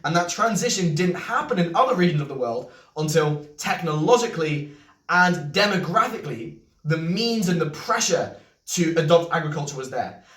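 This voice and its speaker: A man's voice: a little high, fairly bright tone. A man with an English voice and a slight Scouse tinge, explaining history in an earnest, self-correcting way with casual asides. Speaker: history video host. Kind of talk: unscripted explanatory lecture. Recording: roomy echo, mic at a distance.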